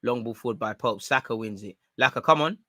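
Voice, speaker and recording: A man hosting a live football watchalong, reacting excitedly, shouting at players and the referee and swearing now and then. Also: medium pitch, brisk, dry recording. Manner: talks while eating. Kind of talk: live match reaction commentary.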